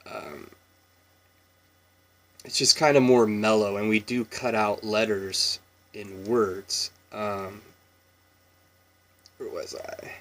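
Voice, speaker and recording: Slow-talking man with a Washington accent. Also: lowish voice. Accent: Pacific Northwest American. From Washington State, US. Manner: relaxed, meandering, with laughs and many fillers. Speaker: vlogger. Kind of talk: casual accent tag video.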